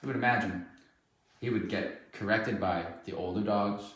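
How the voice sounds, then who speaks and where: A man working as a dog trainer, explaining casually in a relaxed, rambling way while praising the dog. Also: fairly low pitch, moderate pace. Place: indoor room with dogs. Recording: echoey room, mic far off.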